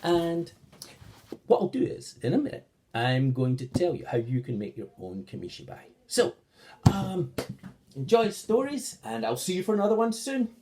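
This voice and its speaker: A man narrating a picture story for children, reading aloud slowly and expressively as the show's host. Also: noisy background. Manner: slow, expressive read-aloud with sweeping pitch.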